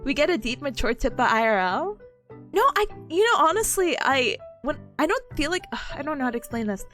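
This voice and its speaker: Young woman VTuber, very high lively voice, giggly, faint music behind. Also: fairly quick. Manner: giggly, bubbly, talks with a smile. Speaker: VTuber streamer. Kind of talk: casual chat reading stream chat.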